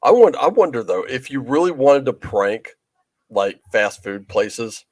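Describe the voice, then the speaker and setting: Animated, laughing podcast co-host, a man. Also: medium pitch, a little slow, dry recording. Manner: animated, laughing often, swearing freely. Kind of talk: casual chat.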